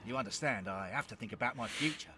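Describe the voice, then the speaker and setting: An earnest young prison guard. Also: male voice, medium pitch, fast, sharp tone. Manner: respectful and earnest. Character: tired young male prison guard, eager and polite.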